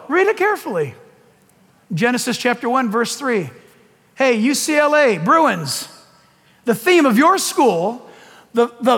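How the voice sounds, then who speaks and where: A pastor preaching with a strikingly high, swooping voice that leaps up for emphasis. He plays out Bible scenes with laughs and shouts. His words ring out with a long hall reverb. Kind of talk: sermon.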